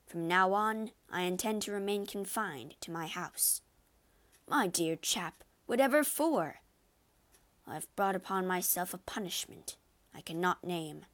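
A man's voice: measured pace, fairly bright tone, dry recording. A woman voicing a despairing male doctor who speaks drearily, in a storybook reading. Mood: dreary. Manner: dreary, low. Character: gloomy, despairing male doctor shut away.

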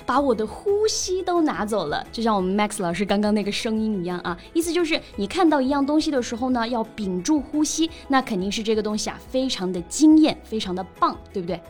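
A woman co-hosting a casual bilingual English lesson, lively and laughing often, switching between English and Mandarin. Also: on the high side, fast talker, few pauses, faint music behind. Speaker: co-host teaching English.

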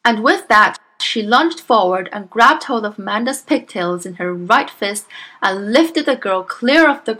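A woman reading a children's story aloud with expressive, animated narration. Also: mid-range voice, poor audio.

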